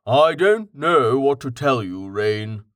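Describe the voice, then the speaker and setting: Male narrator as patient, well-read companion, matter-of-fact, mid-pitched. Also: animated, takes it slowly, no room sound, studio quality. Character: patient man, well-read, calmly explaining.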